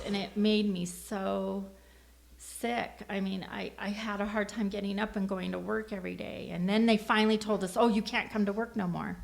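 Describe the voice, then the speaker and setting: A middle-aged woman shares her testimony in a lively, storytelling way, often acting out the voices of the people in her story. Her voice has a gravelly, fry-edged texture at a middle pitch. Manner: lively storyteller, acts out quoted dialogue, laughs often. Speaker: church member giving a testimony.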